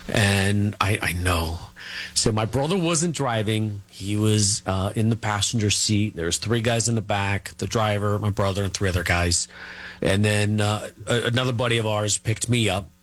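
Middle-aged male guest, a bit low-pitched, talks in loose, halting, filler-heavy stories. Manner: rambling, halting, full of fillers and restarts. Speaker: interview guest. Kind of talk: casual storytelling interview.

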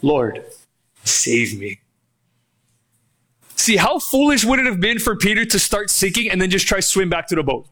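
A man preaching a sermon as pastor, animated and acting out quoted voices. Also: high voice, quick pace, few pauses.

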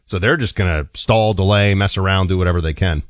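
A man co-hosting a talk radio show, chatting casually and joking, sometimes mock shouting. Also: low-pitched, fairly quick, no echo. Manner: animated, jokey, mock shouting. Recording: dry studio sound.

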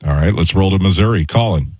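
A man on a sports radio show, briskly bringing in callers and chiming into the banter. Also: low-pitched, noisy background. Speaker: radio producer taking calls.

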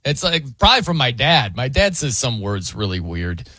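A man's voice: mid-range voice, very animated, moderate pace, sharp tone, husky, no room sound. A man hosting a radio show, chatting casually, laughing often and mimicking how other people pronounce words. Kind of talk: casual studio banter.

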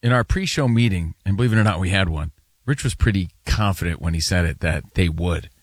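A man's voice: sits low, fairly quick, no echo, studio quality. A man co-hosting a sports talk show, arguing his opinions with emphatic repetition. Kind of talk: casual sports debate.

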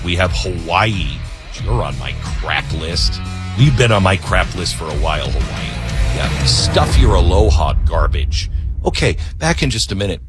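A man hosting a talk radio show, delivering an opinionated, mocking monologue. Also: sits low. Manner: animated, mocking, switches to mimicking voices.

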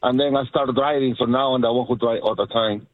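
A man's voice: mid-range voice, fairly even intonation, brisk, no echo. A man with a Spanish accent calling in to a radio show, easygoing and hesitant. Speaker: caller. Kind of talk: call-in radio chat. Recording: tinny phone line.

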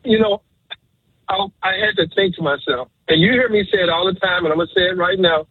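A man's voice: high voice, quick pace, breathy edge, dry recording. A man calling into a radio show over the phone, emotional and preachy, repeating his point. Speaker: radio caller. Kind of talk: call-in radio talk. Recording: tinny phone line.

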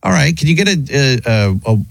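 A man hosting a radio talk show, chatting casually and reading listener emails aloud, wondering aloud with quick asides. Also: mid-range voice, big pitch swings, vocal fry, no echo.

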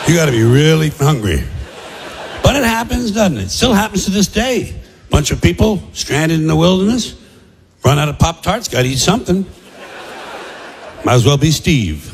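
A male comedian works the stage with a sardonic, mock-cheerful delivery and pointed rhetorical questions. His pitch roams up and down as he builds each bit. The sound carries a long hall reverb with a faint hiss underneath. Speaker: stand-up comedian. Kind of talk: stand-up routine.

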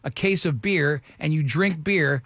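A man's voice: fairly high pitch, unhurried, fairly bright tone, slight background noise. A male radio show host in casual banter, rambling and often restarting his sentences. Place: radio studio.

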